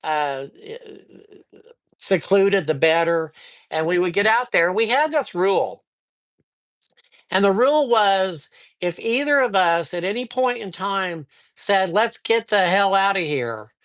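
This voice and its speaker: A man's voice: high-pitched, unhurried. Guy chatting on a live stream, tells stories w lots of energy, acts out the dialogue, does tarot readings. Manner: lively storyteller who acts out dialogue. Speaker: live-stream host and psychic reader. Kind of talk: casual live-stream chat and storytelling.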